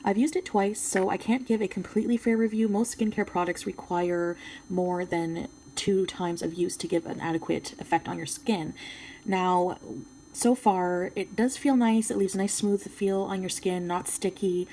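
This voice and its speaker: A woman's voice: lowish voice, fairly even intonation, moderate pace, mellow, a little hiss or hum, low-quality recording. A French Canadian woman chatting through a casual beauty product review at home, hesitant and full of ums. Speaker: beauty vlogger.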